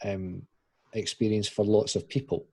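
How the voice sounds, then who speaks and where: A man's voice: fairly low pitch, flat delivery, moderate pace, dark tone. A man hosting a casual church podcast, asking rambling questions with many restarts. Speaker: podcast host.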